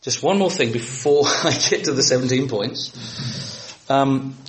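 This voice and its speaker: A British man preaching to fellow preachers in a lively, humorous way, sometimes shouting for comic effect. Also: mid-range voice, a little slow, reverberant. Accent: British English. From Britain.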